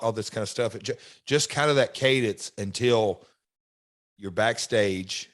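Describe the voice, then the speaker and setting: A middle-aged man with a fairly low voice hosts a podcast, recalling backstage life in a reflective, halting manner. He talks casually. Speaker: podcast host and wrestler.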